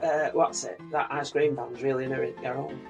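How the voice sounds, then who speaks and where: A man's voice: medium pitch, steady tone, moderate pace, creaky, soft background music. A man with a Northern English accent, co-hosting a podcast and joking around in casual banter. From Northern England. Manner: jokey, teasing, playful. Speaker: podcast co-host.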